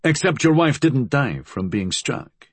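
A man's voice: medium pitch, big pitch swings, a little slow, husky, no echo, pitched above the performer's own voice, full character voice. A man voicing a stern, blunt investigator who speaks in short, hard lines.

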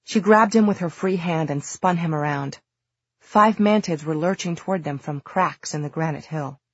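A woman narrating an audiobook in a steady, measured storytelling manner. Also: sits low, breathy edge, no room sound, muffled recording.

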